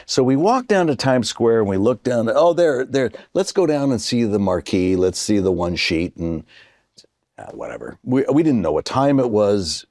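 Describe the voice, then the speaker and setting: A man in his sixties tells a story with lively, swooping pitch. He acts out every voice he quotes. The sound is close and dry. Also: normal speed, no echo. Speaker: guest actor. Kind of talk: casual storytelling chat.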